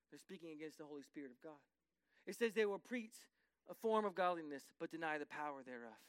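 A male pastor preaching a sermon, driving his points home in rising emphatic bursts and turning aside to speak to the congregation. His voice sits high and rings smooth and clear. The recording is close and dry, with no room echo.

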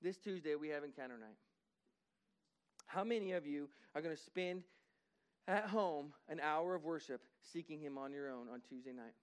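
A man with a notably high voice delivers a sermon in a church sanctuary. He talks earnestly and conversationally, his intensity climbing as he urges the congregation on. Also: moderate pace, smooth. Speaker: pastor.

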